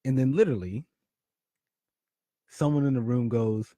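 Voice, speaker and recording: A man's voice: medium pitch, normal speed, pauses often, no echo, clean studio sound. Man telling a heartfelt personal story. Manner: emotional, dramatic shifts between loud and hushed. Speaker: podcast host.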